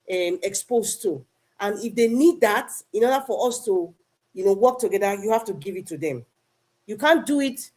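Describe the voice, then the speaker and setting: A woman's voice: fairly high pitch, darkish tone. A woman speaking earnestly and at length on a live online audio program, addressing listeners directly in a rambling way. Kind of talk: impassioned live audio-room speech.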